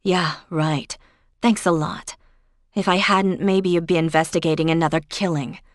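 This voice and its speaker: A woman voicing a blunt, rattled young woman with sharp, exasperated retorts. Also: on the low side, fairly even intonation, normal speed, no room sound, studio quality, natural voice.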